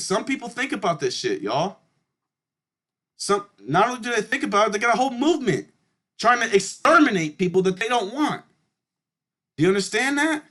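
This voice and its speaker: High-voiced man, blunt, emphatic commentary. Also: fairly bright tone. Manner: emphatic and blunt, swears, keeps addressing viewers as y'all. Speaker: channel host. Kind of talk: casual commentary reading through historical charts.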